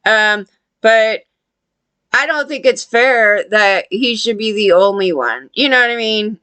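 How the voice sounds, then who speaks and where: A woman's voice: medium pitch, animated, a little slow, pushed and bright, smooth, no room sound. Blunt, profane woman ranting. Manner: blunt, profane, rambling with many restarts. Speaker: vlogger. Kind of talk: unscripted rant to camera.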